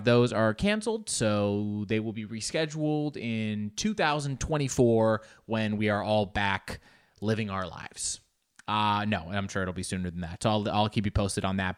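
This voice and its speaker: Rambling, self-mocking male comedian podcaster. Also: smooth. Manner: rambling, joking and self-mocking, with frequent swearing; animated, with sudden jumps up in pitch for emphasis. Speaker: comedian hosting his own podcast. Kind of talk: casual solo podcast monologue.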